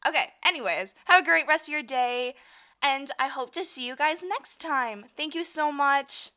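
A woman's voice: sits high, expressive, moderate pace, sharp tone. A young woman hosting a casual solo podcast, talking in a chatty, scattered way that jumps between thoughts. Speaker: podcast host. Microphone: home podcast mic. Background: toy piano music.

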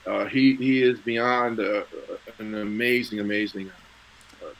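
A man's voice: lowish voice, fairly even intonation, measured pace, fairly bright tone, rough recording. A middle-aged man, a guest, telling stories in casual chat, getting emotional and laughing, with many restarts and repeated words.

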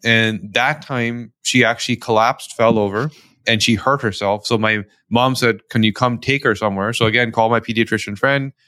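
A man's voice: medium pitch, normal speed, dry recording. Man telling a story, dry mic. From Canada. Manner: animated, tells stories with quoted dialogue. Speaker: guest, company founder. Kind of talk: conversational storytelling.

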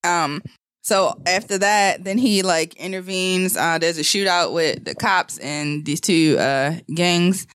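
A podcast co-host recaps a movie in a loose, casual way, jumping into the characters' lines and breaking into laughter again and again. The voice sits at a middle pitch and sounds dry and close to the mic, with no room around it. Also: slow pace, clean tone, dry recording. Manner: animated retelling, acting out lines, laughing often.

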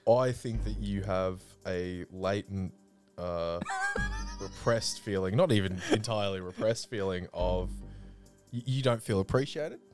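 A man's voice: sits low, a little slow, music in the background. A young man co-hosting a comedy podcast, teasing his friends in a mock-pompous way and swearing. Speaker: podcast co-host. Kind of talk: casual comedic podcast banter.

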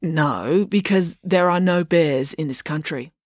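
A woman's voice: deep voice, measured pace, a little mellow, dry recording, clean studio sound. A woman voicing a blunt, matter-of-fact small-town constable.

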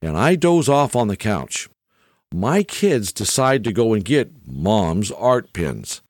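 A man's voice: fairly low pitch, big pitch swings, slow pace, darkish tone, no echo, clean studio sound. A middle-aged man telling a rambling, folksy story in casual monologue, often tagging lines with "okay?".

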